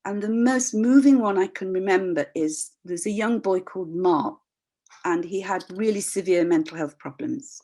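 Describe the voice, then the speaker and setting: Over a video call, an older voice practitioner who leads workshops tells personal stories at normal speed in a medium-pitched voice. Expressive and candid, she acts out the voices in her tales, reflects openly and frequently restarts.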